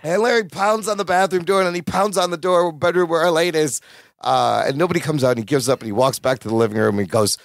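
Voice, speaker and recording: A man with a somewhat raised voice recaps a sitcom episode for his podcast, animated and quick to act out the characters' lines. The sound is dry and close to the mic. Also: fairly high pitch, creaky, dry recording. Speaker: podcast co-host. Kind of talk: casual chat recapping a sitcom.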